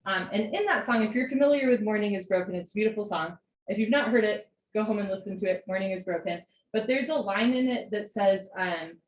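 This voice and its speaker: Yoga teacher lady, calm encouraging cues, kinda echoey home room. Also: mid-range voice. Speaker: yoga instructor. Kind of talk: live-streamed yoga class instruction. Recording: roomy home recording.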